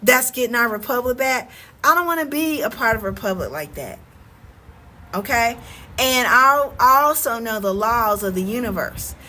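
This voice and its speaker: A woman's voice: a little high, expressive, normal speed, sharp tone, poor audio. Emphatic Southern woman on livestream. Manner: emphatic, repeats words, frequent "okay?" check-ins. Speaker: vlogger and relocation coach. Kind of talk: casual livestream talk to viewers. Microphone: phone.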